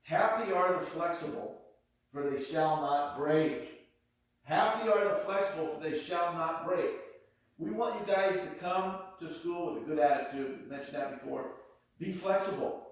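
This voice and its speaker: A man's voice: a little high, moderate pace. A male PE teacher giving students upbeat, preachy encouragement. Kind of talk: addressing students in a video. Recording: echoey gym, distant mic.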